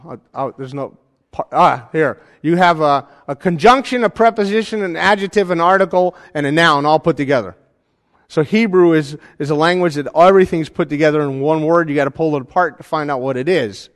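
A man teaching a Bible study class in a casual, conversational way, often checking in with his listeners. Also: a little high. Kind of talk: informal teaching, demonstrating software. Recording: hall reverb.

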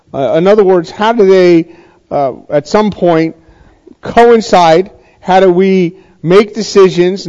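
A man's voice: a little high, a little mellow. Man teaching a church class. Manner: conversational, folksy, with many fillers and restarts. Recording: dull, echoey room sound.

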